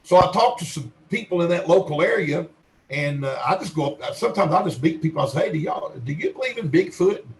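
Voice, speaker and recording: A man with a Western Kentucky drawl and a slightly raised pitch rambles through podcast stories in a folksy way. He is middle-aged and quotes the people he talks about in their own words. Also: animated, a little fast, poor audio. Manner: folksy rambling storyteller, acts out quoted dialogue. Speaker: Bigfoot researcher guest. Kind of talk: podcast interview storytelling.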